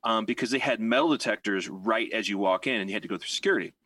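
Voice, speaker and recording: Man, rambling animated storyteller, lots of fillers, dry voice, a bit distant from the mic. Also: fairly low pitch, fast talker, no echo. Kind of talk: casual storytelling chat.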